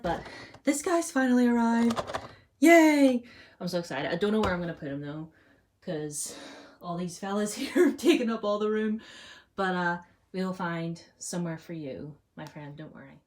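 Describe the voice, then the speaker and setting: Chatty, excitable young woman vlogger. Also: fairly low pitch. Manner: chatty and excitable, with laughs and fillers. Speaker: book vlogger. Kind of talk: casual reading vlog chat.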